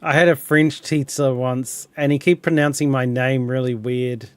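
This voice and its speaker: A man's voice: mid-range voice, fairly even intonation, moderate pace, clean tone, no echo. A young man chatting casually over a game, rambling, chuckling often and restarting words. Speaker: gameplay streamer. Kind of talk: casual gameplay chat.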